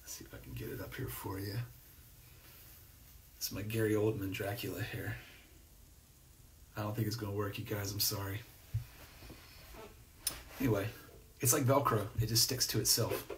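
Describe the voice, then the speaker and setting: A man's voice: on the low side, steady tone, moderate pace, pauses often, far from the mic, a little hiss or hum. A man hosting a casual live stream, reading viewer comments and chatting in a rambling, laid-back way with lots of fillers and restarts. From New Jersey. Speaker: host. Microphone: phone or webcam on a live stream.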